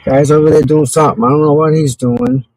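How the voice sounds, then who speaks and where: A man's voice: on the high side, steady tone, fast talker, darkish tone, no room sound, poor audio. A man chatting live to his viewers from inside his car, rambling and grumbling at other drivers. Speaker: livestream host. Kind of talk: casual live-stream chat while driving.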